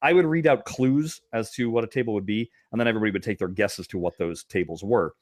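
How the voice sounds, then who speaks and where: This podcast co-host talks fast in a fairly low voice, recorded at studio quality with no room sound. He reminisces loosely about the old days, laughing often and restarting his sentences again and again.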